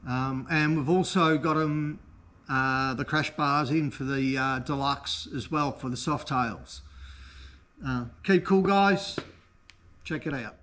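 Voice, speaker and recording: A man with a mid-range voice hosts a casual showcase vlog for his motorcycle parts shop, sounding enthusiastic and easygoing like a salesman. His tone stays steady and unhurried, with a pushed, bright quality.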